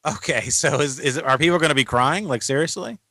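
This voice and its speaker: A man's voice: on the high side, expressive, a little fast, bright, forceful tone, no echo. A man, co-hosting a casual podcast, rambling and asking lots of questions. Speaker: co-host.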